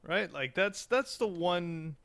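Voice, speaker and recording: A man's voice: high voice, lively intonation, slow, vocal fry, a bit bright. A man co-hosting a podcast in loose, joking chat, rambling with restarts and swearing. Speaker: podcast co-host. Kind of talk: casual chat.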